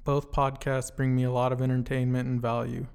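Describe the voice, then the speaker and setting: A man's voice: medium pitch, completely flat delivery, a little fast, creaky, darkish tone, clean tone. A man hosting a podcast, reading an earnest scripted introduction. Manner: earnest, read-from-script delivery. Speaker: podcast host.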